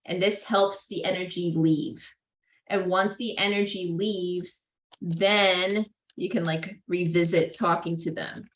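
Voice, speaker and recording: A woman's voice: on the low side, steady tone, slow. A young adult woman giving a casual psychology lecture in a classroom, chatty, full of "like" and "right?", acting out what parents say. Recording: roomy echo.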